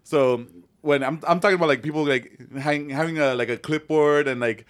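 A man's voice: a little high, brisk. A man with a slightly raised voice, chatting casually among friends. He rambles, leans on fillers and restarts his sentences a lot. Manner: rambling, filler-heavy, laughs often. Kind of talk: casual chat.

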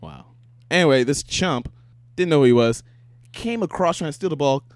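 A man chatting casually as a co-host, telling lively stories and swearing freely. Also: a little high, moderate pace, dry recording. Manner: animated storyteller, swears freely. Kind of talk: casual chat.

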